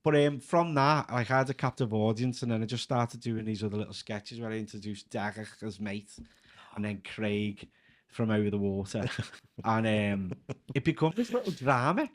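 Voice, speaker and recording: A man's voice: lowish voice, normal speed. A man with a Scouse accent, a comedian guest telling casual stories on a podcast, chatty and laughing often. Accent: Scouse (Liverpool). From Liverpool, England. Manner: chatty, breaks into laughter, leans on filler "like". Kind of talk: casual anecdotal storytelling.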